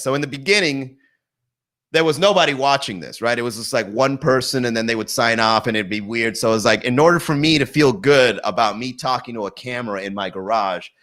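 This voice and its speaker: Bright-voiced man riffing on a live stream. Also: mid-range voice. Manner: laughs at his own jokes, riffs fast and loose. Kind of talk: casual live-stream comedy chat. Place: home garage.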